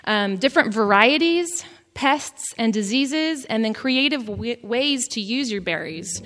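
A Texan woman runs a folksy gardening class, chatty and quick to giggle at herself. Her voice is bright and a little high. It rings with the long reverb of an indoor hall. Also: expressive, slight background noise. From Texas. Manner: chatty, giggly, self-deprecating.

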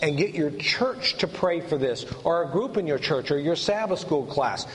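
A man's voice: on the high side, animated, moderate pace, a bit bright, big-room sound, a little hiss or hum, poor audio. A man hosting a church talk, prompting his guest with encouraging questions. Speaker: program host. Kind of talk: talk show conversation.

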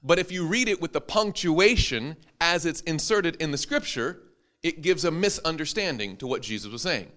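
A man's voice: fairly high pitch, animated, normal speed, pushed and bright. A man, a preacher, teaching an interactive Bible class to a live audience, joking and quizzing them as he goes.

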